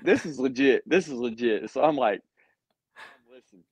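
A man who is a police officer, telling stories from his arrests in an animated, casual chat and laughing often. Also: mid-range voice, fairly quick, breathy edge, no room sound.

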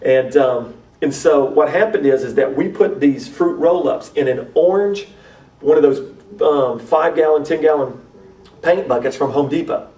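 A man's voice: on the high side, normal speed, warm tone, far from the mic, poor audio. A man, a missionary to urban youth, earnestly telling a personal testimony at a church conference, often repeating and restarting phrases. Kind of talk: testimony storytelling.

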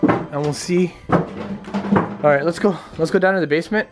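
A man's voice: on the high side, unhurried, over music. A young man hosting a nervous ghost-hunt vlog, repeating himself and talking straight to viewers from a run-down house. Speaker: vlogger host. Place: inside a run-down house basement.

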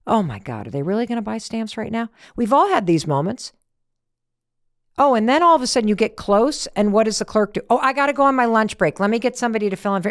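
A woman hosting a podcast, giving a lively, emphatic motivational talk full of rhetorical questions and acted-out asides. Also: mid-range voice, no room sound, clean studio sound. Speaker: podcast host.

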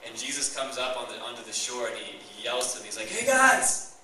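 A man's voice: medium pitch, fairly even intonation, quick pace, sharp tone, a little hiss or hum. A young man preaching a sermon as pastor, enthusiastic and conversational, recorded in a church hall. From Canada. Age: young adult. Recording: echoey church hall, mic far off.

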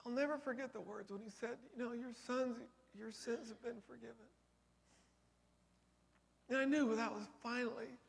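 A middle-aged man speaking at a conference, giving an emotional testimony that swings from hushed to loud. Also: very high voice, fairly even intonation, normal speed, vocal fry, long pauses. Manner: emotional, builds from quiet to loud. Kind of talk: testimony talk. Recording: long hall reverb.

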